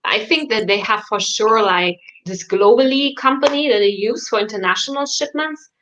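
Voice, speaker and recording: A woman's voice: fairly high pitch, normal speed, fairly bright tone, poor audio. A woman guest in a casual livestream chat, hesitant and searching for her words.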